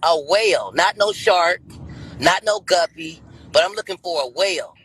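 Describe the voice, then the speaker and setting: A woman's voice: fairly low pitch, lively intonation, moderate pace, fairly bright tone, breathy edge, rough recording. Brash self-assured woman in her fifties. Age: 50s. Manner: brash, drawling, self-assured, repeats herself. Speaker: guest on a dating talk show. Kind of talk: boastful interview answers.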